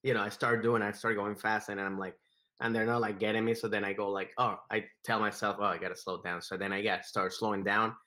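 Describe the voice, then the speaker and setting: A man with a Venezuelan Spanish accent and a low yet bright voice, co-hosting a comedy podcast. He talks fast and animatedly, often joking and laughing. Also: level tone. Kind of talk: casual podcast chat.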